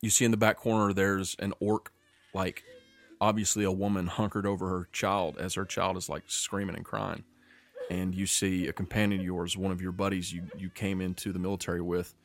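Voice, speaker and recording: A man running a tabletop game as game master, narrating scenes vividly and calling rolls. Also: low voice. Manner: vivid, descriptive narration with quick rules calls.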